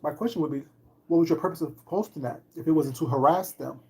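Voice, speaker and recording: Sarcastic husky woman streamer. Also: low-pitched, fast talker, dark tone. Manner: sarcastic, rhetorical questioning. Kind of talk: livestream commentary.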